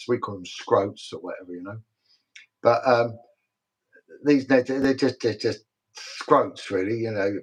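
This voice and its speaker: Middle-aged British man, retired detective guest; emphatic, repetitive storyteller with a mid-range pitch. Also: husky, rough recording. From Britain. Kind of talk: casual livestream interview talk.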